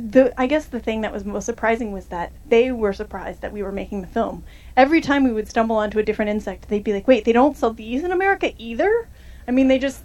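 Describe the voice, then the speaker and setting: A woman's voice: on the high side, a little mellow. A young woman filmmaker answering audience questions after a screening, in a chatty way full of fillers and restarts.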